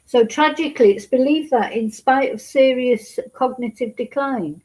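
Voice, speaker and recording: A woman's voice: high voice, moderate pace, poor audio. A woman vlogging, reading a news story aloud with hesitant personal asides and getting upset. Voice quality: soft-spoken, chatty, hesitant with many fillers.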